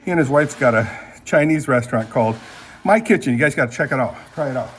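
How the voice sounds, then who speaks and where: A man's voice: mid-range voice, expressive, fast, echoey room, slight background noise, rough recording. An older man from Michigan chatting casually for his vlog in a horse barn, rambling and self-deprecating, with lots of fillers. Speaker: vlogger. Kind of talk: casual chat.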